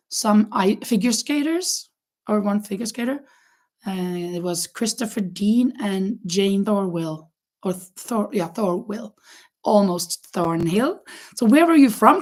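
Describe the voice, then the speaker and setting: A woman with a medium-pitched, slightly mellow voice hosts a crochet livestream, chatting casually with viewers. She uses many fillers, often restarts her sentences, and laughs frequently.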